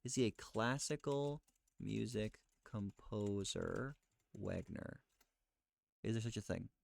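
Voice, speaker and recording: A man thinking aloud as he looks things up, questioning himself and reading search results aloud in a halting, muttering way. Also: lowish voice, animated, gravelly. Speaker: streamer researching live.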